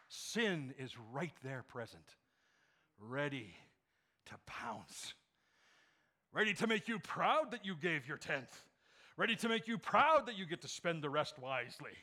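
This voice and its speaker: A male pastor delivers his sermon in a slightly high voice that swings widely in pitch. He preaches at an unhurried pace and presses his points with rhetorical questions to the congregation. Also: big pitch swings, bright, forceful tone.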